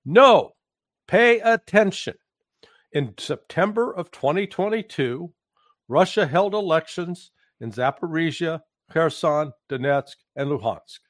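A man giving political commentary in conversation, emphatic and halting, with restarts and fillers. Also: a little high, expressive, fairly bright tone, dry recording, clean studio sound. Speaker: guest commentator.

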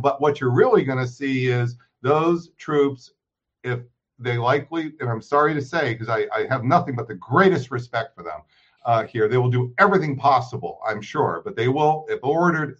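A man, a political scientist, giving emphatic lecturing analysis in an interview, dropping his voice on grave points. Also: mid-range voice. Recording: muffled remote audio.

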